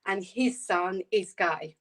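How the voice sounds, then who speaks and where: A woman joins a reading by video call and answers questions softly and hesitantly. She speaks at a slow, unhurried pace, and her voice sounds distant over the call. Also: medium pitch. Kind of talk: casual chat.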